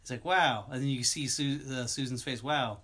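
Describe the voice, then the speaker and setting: A man's voice: mid-range voice, flat delivery, a little fast, fairly bright tone. A man co-hosting a podcast in casual chat, rambling and going off on long tangents. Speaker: podcast co-host.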